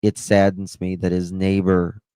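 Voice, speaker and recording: Brief: male live-stream host, lowish voice, very unhurried, dry close sound, impassioned and indignant. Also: monotone, dark tone, clear, resonant tone, dry recording. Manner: impassioned and indignant, stretching words slowly; reads out and thanks chat viewers. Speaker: livestream host. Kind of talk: emotional live-stream commentary.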